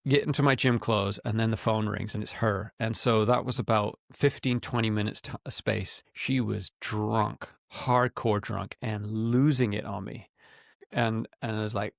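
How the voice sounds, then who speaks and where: A man's voice: on the low side, fairly even intonation, measured pace, vocal fry, dry recording, studio quality. A middle-aged man and podcast co-host, candidly retelling a business story with quoted dialogue in a casual chat.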